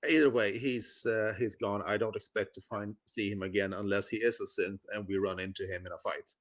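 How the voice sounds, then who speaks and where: A man's voice: fairly low pitch, steady tone, a little fast. A man playing a tabletop game, reasoning aloud in a matter-of-fact way. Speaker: player. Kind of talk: casual tabletop play.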